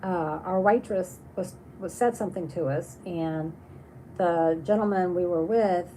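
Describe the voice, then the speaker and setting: Lady on a livestream just chatting, reads comments, kinda rambly, lowish warm voice. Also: unhurried, a little hiss or hum, low-quality recording. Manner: chatty and rambling, with many restarts. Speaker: livestream host. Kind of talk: casual livestream chat, reading viewer comments.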